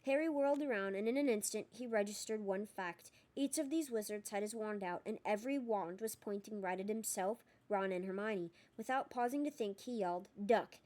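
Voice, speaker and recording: A woman reading a novel aloud as narrator, steady and expressive with small slips. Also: medium pitch, a little fast, few pauses. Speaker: audiobook reader.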